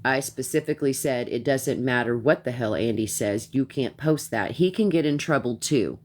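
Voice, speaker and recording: A woman's voice: very deep voice, moderate pace, a little mellow. A woman streaming a heated live rant, blunt and profane, who repeats herself as she gets worked up.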